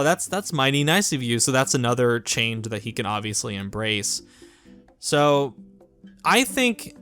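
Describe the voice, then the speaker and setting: A man's voice: mid-range voice, fairly bright tone. Earnest rambling man reviewing a show. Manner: earnest, rambling, with restarts and filler "like". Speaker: YouTube reviewer. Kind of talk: casual video review commentary.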